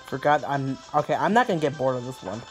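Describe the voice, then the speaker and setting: A young man giving casual let's-play commentary, excitable, laughing a lot and swearing. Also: medium pitch, fast, faint music behind. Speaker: gaming YouTuber.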